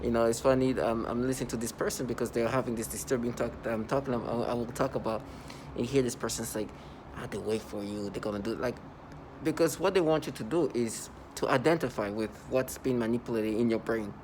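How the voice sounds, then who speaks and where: A man talking straight to his viewers in a loose, rambling monologue, his voice pitched squarely in the middle range. He circles back on his points with plenty of ums and restarts, earnest and worked up, while a faint hum of noise sits behind him. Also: fast talker, a little mellow. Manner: rambling and repetitive, with many fillers and restarts; earnest and agitated. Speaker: vlogger. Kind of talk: unscripted monologue to camera.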